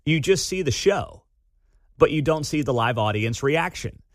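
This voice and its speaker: A man hosting a talk radio show, giving opinionated commentary in a conversational, animated, slangy way. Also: fairly high pitch, moderate pace, no echo, studio quality.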